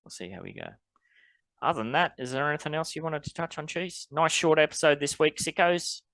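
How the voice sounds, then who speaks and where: A man's voice: a little high, sing-song, brisk, fairly bright tone, no room sound. An Australian man co-hosting a podcast, chatting in a laid-back, rambling and wry way. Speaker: podcast co-host. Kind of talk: casual chat.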